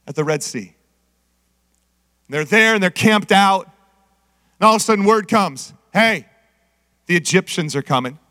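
A man preaching an animated sermon as pastor, rising to shouts and sung phrases. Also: high-pitched, no echo.

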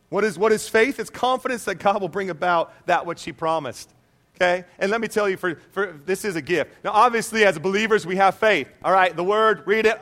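A male pastor delivers a lively, conversational sermon. His voice sits a little high, and he keeps checking in with the congregation. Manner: animated, conversational preaching with frequent "okay?".

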